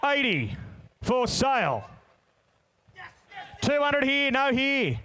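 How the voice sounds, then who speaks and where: A man working as an auctioneer at a horse sale, rattling off bids in a fast rolling chant and calling to bidders by name. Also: extremely high pitch, sing-song, bright, forceful tone, slight background noise. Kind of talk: rapid bloodstock auction chant. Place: sale ring.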